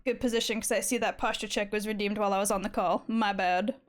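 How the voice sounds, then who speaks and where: A woman's voice: medium pitch, steady tone, fast. A young woman streaming live while she draws, chatting casually and swearing often as she rambles. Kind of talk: casual chat while drawing.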